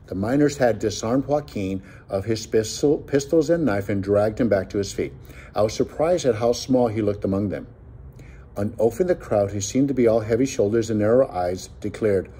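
A man reading a novel aloud with expressive storytelling. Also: fairly low pitch, moderate pace, breathy edge. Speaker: audiobook reader.

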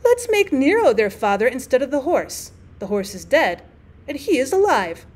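Lady reading as a curious little boy, excited, storybook kid voice. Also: high-pitched, normal speed. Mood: conspiratorial. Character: eager young boy, curious and scheming.

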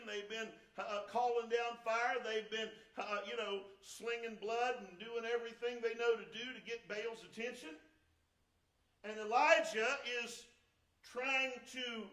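Male pastor, very high pitch, preaching in a roomy sanctuary, rises to shouts. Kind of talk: sermon. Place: church sanctuary. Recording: echoey church sanctuary.

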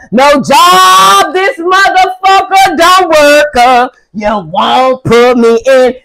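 A young adult woman doing a casual tarot reading, blunt, profane and sassy, with loud emphatic outbursts. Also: high-pitched, slow pace, creaky, hardly any pauses, heavy background noise. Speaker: tarot reader.

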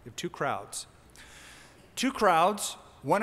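A man preaching a sermon as a pastor, teaching in a conversational way with lively emphasis. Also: a little high, moderate pace, long reverb tail. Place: church sanctuary.

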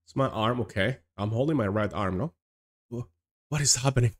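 A man's voice: medium pitch, a little fast. A man streaming a game, chatting casually and reading the on-screen text aloud. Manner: chatty, reacts aloud, mumbles asides.

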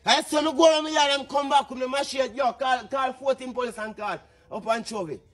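High husky Jamaican man, emphatic. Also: a bit bright, faint music behind. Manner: emphatic, rapid-fire, keeps demanding agreement. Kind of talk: heated street talk in patois.

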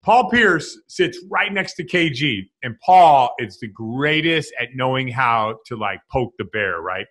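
A man hosting and telling an animated story, laughing as he talks. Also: mid-range voice, a little slow, hardly any pauses. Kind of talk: casual storytelling.

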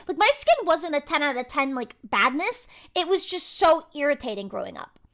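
A woman's voice: sits high, sing-song, moderate pace, a bit bright. A young woman hosting a casual livestream, chatting in a bubbly, rambling way at her home desk. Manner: bubbly, rambling, heavy "like" and "freaking". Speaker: livestream host. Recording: faint music behind.

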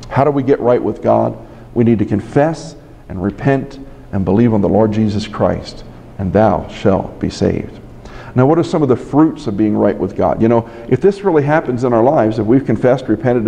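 A man's voice: medium pitch, mellow. A man preaching a sermon, telling a story earnestly and often restarting his words. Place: library conference room. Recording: long hall reverb.

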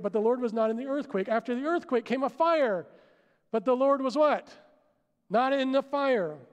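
A man preaching a sermon as pastor, animated and putting questions to his listeners. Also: extremely high pitch. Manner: animated, asks the crowd questions. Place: church sanctuary. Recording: long hall reverb.

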